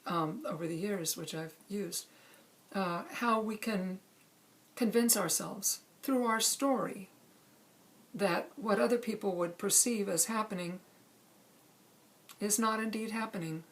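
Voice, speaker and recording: A middle-aged woman calmly telling a true personal story, with measured pauses. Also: mid-range voice. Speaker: speaker sharing a personal story.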